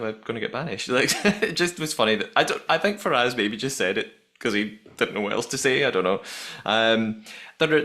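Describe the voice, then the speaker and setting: Man hosting a lively recap podcast. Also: mid-range voice. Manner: animated, jokey, reads from notes. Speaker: podcast host. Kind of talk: episode recap chat.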